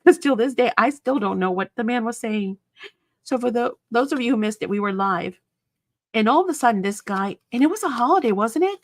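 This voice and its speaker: A woman's voice: on the high side, animated, fairly quick, dry recording, studio quality. A woman hosting a crafting video, chatting casually as she works and rambling through stories that trail off mid-sentence. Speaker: crafting channel host. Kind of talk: casual crafting chat while working.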